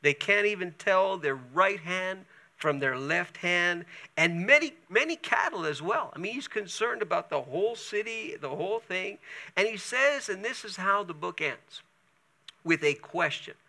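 A male pastor preaching a sermon, telling the story in an animated way with chatty asides. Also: high voice, unhurried, vocal fry.

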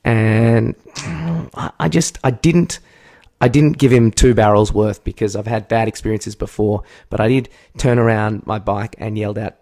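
Australian male podcast co-host, low gravelly voice, lively storyteller who acts out his shouts. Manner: animated storytelling, acts out shouts, swears freely. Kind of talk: casual comedic chat.

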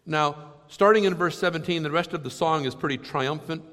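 Earnest preacher in a reverberant sanctuary. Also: male voice, brisk, few pauses. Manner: earnest, questioning, dropping to soft lows. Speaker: pastor. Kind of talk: sermon. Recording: long hall reverb.

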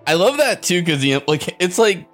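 A co-host in a relaxed gaming podcast chat, talking through a story and jumping into characters' lines. The voice sits mid-range but swings widely up and down, sounding very animated. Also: normal speed, soft background music. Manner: expressive, swings pitch widely when quoting characters. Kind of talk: casual chat about a video game.

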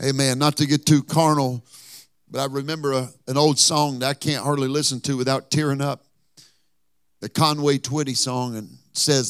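A man's voice: mid-range voice, flat delivery, fairly quick, smooth, no echo. Fervent preacher man, dry close sound. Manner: fervent, rising to shouted sing-song preaching. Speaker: pastor. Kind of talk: sermon. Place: church sanctuary.

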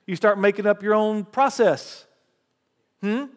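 A man preaching a sermon, reading scripture aloud with rising emphasis and lively call-and-response asides to the congregation. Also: high-pitched, a little slow. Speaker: pastor. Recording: long hall reverb.

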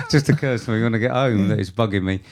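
A man co-hosting a podcast in casual chat, easygoing and quick to laugh. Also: mid-range voice. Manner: easygoing, chatty, laughs a lot. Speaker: podcast co-host.

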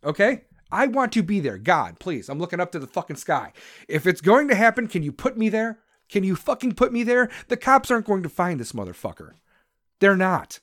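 A man's voice: high-pitched, sing-song, a little fast, fairly bright tone, no echo, studio quality. A man delivering an angry, profane rant to camera, aggressive and swearing constantly. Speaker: vlogger.

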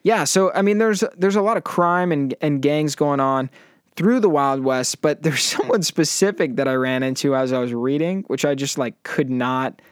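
Animated young man telling stories. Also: on the high side, moderate pace, clear, resonant tone, dry recording, clean studio sound. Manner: animated storyteller, mimics voices in retellings. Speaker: podcast co-host. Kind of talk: casual chat. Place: apartment.

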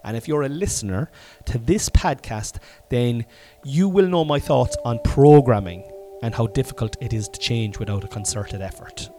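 A middle-aged Irish man hosting a podcast from home while sick, coughing now and then, rambling and swearing, with sudden loud bursts. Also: mid-range voice, expressive, normal speed, hardly any pauses, soft background music. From Ireland. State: sick with covid, congested and coughing. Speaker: podcast host. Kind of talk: casual solo podcast monologue.

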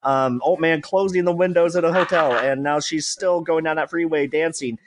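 A man's voice: fairly high pitch, noisy background. Brief: male comedy regular, frantic play-by-play, stammering, exasperated. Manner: rushed, stammering, exasperated, swears and laughs. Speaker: show regular. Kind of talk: frantic live description of a music video.

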